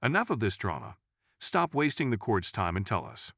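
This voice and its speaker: A man's voice: fairly low pitch, very animated, moderate pace, gravelly, no room sound, clean studio sound, heavily acted. A man voicing an impatient, scornful male prosecutor who speaks sharply. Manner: sneering, sharp.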